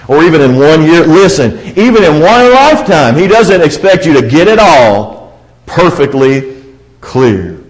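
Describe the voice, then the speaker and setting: A middle-aged man preaching a sermon, earnest, asking the listeners direct questions and swinging between loud emphatic lines and hushed soft ones. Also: mid-range voice.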